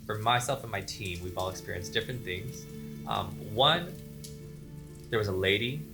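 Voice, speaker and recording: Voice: medium pitch, normal speed, over music. A casual storyteller recounting ghost stories from work, acting out the voices of people in each tale. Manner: animated, acts out voices in anecdotes. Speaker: dance company member telling ghost stories.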